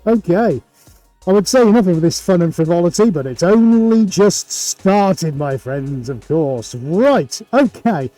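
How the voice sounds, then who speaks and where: Middle-aged man, art stream host, fairly high voice, mellow tone, jokey and energetic. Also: a little slow, no room sound, soft background music. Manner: jokey, chatty, energetic showman. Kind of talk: upbeat live presenting. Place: home art studio with several cameras.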